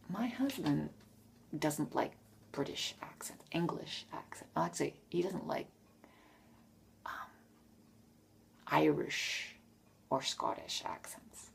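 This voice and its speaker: A woman's voice: sits low, lively intonation, takes it slowly, creaky, pauses often, a little hiss or hum. A woman casually answering tag questions in a frank, rambling way, often correcting herself. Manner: frank, self-correcting, trails off.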